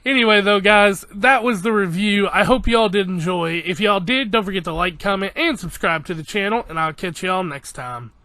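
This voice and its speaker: Bright, high-voiced excited male reviewer. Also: moderate pace, hardly any pauses. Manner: excited, swears freely, re-enacts scenes. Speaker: anime reviewer. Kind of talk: casual episode recap.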